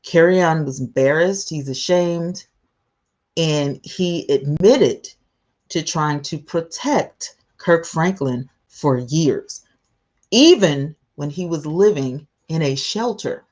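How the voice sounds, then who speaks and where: Low slow-talking woman streamer. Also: lively intonation, darkish tone, highs cut off. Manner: chatty, greets viewers by name, emotional asides. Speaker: livestream host. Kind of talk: casual livestream commentary.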